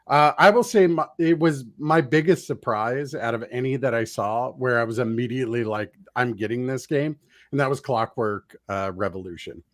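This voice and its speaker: A man's voice: mid-range voice, normal speed, no echo, clean studio sound. A man co-hosting a casual gaming podcast, animatedly recounting trailers he watched. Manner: animated, acts out reactions to trailers. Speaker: podcast co-host.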